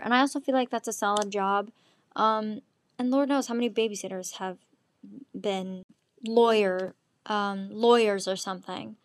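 A woman's voice: mid-range voice, no echo. A woman in her twenties hosting her own show, chatting alone in a rambling, candid way with lots of ums and likes. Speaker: podcast host. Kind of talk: casual solo chat.

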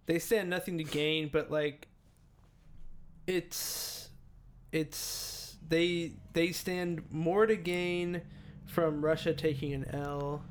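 A man's voice: on the high side, flat delivery, takes it slowly, slight background noise. A young American man co-hosting a podcast in casual chat, teasing and profane, cutting in often. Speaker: podcast co-host.

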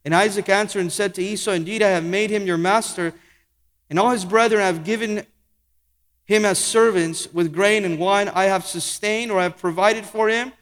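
A pastor preaching a sermon with emphatic delivery, slowing and speeding up for effect and repeating key phrases. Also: male voice, sits high, steady tone, a bit bright. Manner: emphatic preaching, varying pace and volume. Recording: echoey hall with long reverb.

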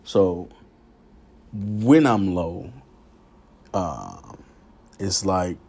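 A man hosting a podcast, talking in a candid, profane, confessional monologue that swings from low murmurs to heated outbursts. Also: lively intonation, drawn-out words, creaky, darkish tone, slightly rough. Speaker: podcast host.

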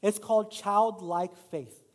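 Male pastor, middle-aged, high voice, casual storytelling sermon, reverberant church. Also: fairly even intonation, takes it slowly. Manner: casual, self-deprecating storytelling with rising preaching emphasis. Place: church sanctuary. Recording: long hall reverb.

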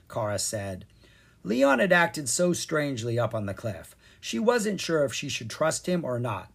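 An audiobook narrator reads a children's fairy-tale chapter book, telling the story in an expressive, animated way. The voice is mid-range, unhurried and slightly rough.

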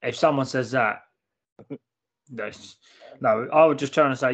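A man's voice: mid-range voice, a little slow, fairly bright tone. A man in casual podcast banter, blunt and sweary, often repeating himself. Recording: slightly dull lo-fi audio.

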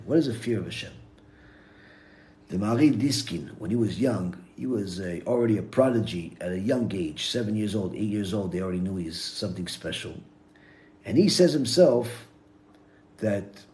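Male rabbi, Torah lecture, mid-range voice, dramatic shifts from quiet to forceful, Hebrew terms throughout. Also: mid-range voice. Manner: storytelling with big swings from hushed to loud; peppers English with Hebrew terms.

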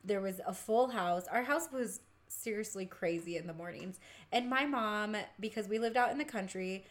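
A middle-aged woman chatting casually, telling family stories in an animated way and laughing often. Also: mid-range voice, normal speed. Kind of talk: casual chat.

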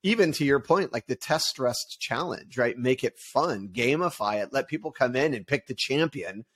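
A middle-aged man co-hosting a casual business chat, talking in an animated way and acting out sample ad voices. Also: medium pitch, moderate pace. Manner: animated, acts out ad voices, laughs easily. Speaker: podcast co-host.

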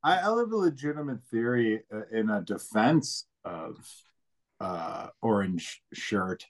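A man's voice: fairly low pitch, lively intonation, measured pace. A man co-hosting a casual podcast, chatty and filling his talk with "like". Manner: chatty, uses lots of "like". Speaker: podcast co-host.

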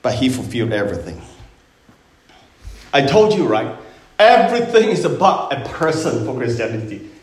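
Lively roomy-sounding man preaching. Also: mid-range voice, normal speed, long pauses. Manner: emphatic, rhetorical questions to the congregation. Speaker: pastor. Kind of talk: Easter sermon. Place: church sanctuary. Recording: roomy echoing sanctuary.

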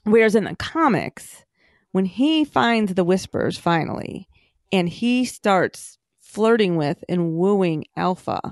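An eager woman chats on a podcast, working through her thoughts aloud with lots of fillers. Her voice sits at a middle pitch and is recorded dry and close, with no room sound. She shares her opinions with enthusiasm. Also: lively intonation, takes it slowly, dry recording. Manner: enthusiastic, thinks aloud with fillers like "you know". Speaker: podcast co-host. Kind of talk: casual podcast discussion of a TV show.

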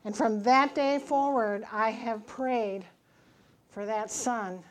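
A woman's voice: on the high side, slow pace, slight background noise. A middle-aged woman giving an earnest church testimony, teaching from scripture and telling her story with emphatic, acted-out dialogue.

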